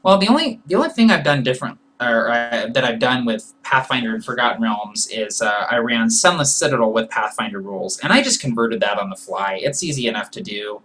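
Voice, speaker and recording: A man's voice: mid-range voice, expressive, fairly quick, few pauses, bright, forceful tone, rough recording. A man hosting a live Q&A, answering viewer questions in a loose, thinking-aloud way. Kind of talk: casual live Q&A.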